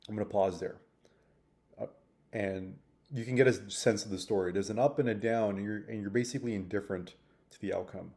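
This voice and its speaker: A man with a fairly low, steady, slightly mellow voice speaks briskly in a reflective vlog. He talks through a personal mistake thoughtfully and rambles a bit, with restarts and fillers.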